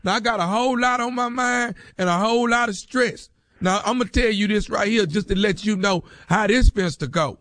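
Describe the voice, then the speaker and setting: Prank caller: a man playing an insistent jailed man, high bright voice, dry close mic. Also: moderate pace, dry recording. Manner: insistent, threatening, slangy. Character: jailed man calling about his girl.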